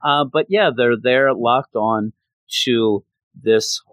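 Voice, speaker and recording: An excited man recaps a comic book in a casual, chatty way. His voice sits at a middle pitch, and the sound is dry and close. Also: takes it slowly, no echo. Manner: excited, chatty, acts out lines.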